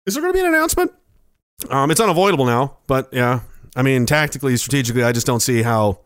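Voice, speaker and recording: A man's voice: on the high side, expressive, quick pace, a bit bright, clear, resonant tone, dry recording, clean studio sound. Man reading chat on a livestream. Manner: rambling, profane and joking. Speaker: livestream host.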